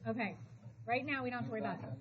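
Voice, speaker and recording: A woman teaching math to a high school class, talking briskly and calling students back to attention. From Florida. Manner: brisk, shushing, calls for attention. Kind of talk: classroom lesson. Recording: dull classroom recording with noise.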